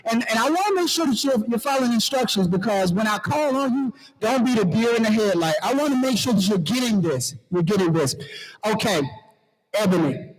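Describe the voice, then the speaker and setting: High-voiced playful man emceeing a conference. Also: lively intonation, brisk, low-quality recording. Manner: playful, preachy, talks to the crowd. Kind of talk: lively stage emcee talk. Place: conference hall.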